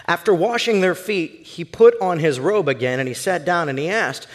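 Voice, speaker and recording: A male pastor preaching a sermon in an emphatic, animated storytelling way. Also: fairly high pitch, moderate pace, big-room sound.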